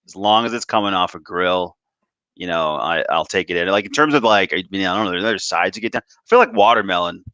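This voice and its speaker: A man's voice: sits low, bright, forceful tone, clear, resonant tone, dry recording. A man co-hosting a casual podcast, rambling loosely and laughing easily between thoughts. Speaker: podcast co-host.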